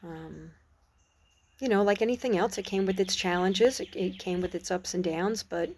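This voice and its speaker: A middle-aged woman talking earnestly and reflectively about her faith in a personal vlog, pausing and restarting her sentences, outdoors on a porch. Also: mid-range voice, darkish tone, slight background noise. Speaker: Christian vlogger. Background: birds and dogs outside.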